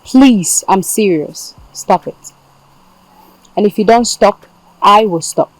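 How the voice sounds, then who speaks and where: A woman's voice: mid-range voice, takes it slowly, no room sound, low-quality recording. A young woman playing a flustered, pleading schoolgirl. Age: young adult.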